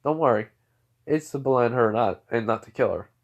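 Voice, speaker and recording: Deku, a man doing a calm, cocky teen hero. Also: mid-range voice, moderate pace, lightly acted. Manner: relaxed, smug, understated.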